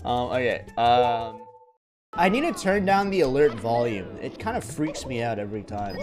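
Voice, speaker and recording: A man streaming a game in casual chat, often breaking into giggles and dropping into a hushed mock-serious voice. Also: medium pitch, animated, moderate pace, faint music behind. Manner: giggly, breaks into fits of laughter. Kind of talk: casual livestream chat while gaming.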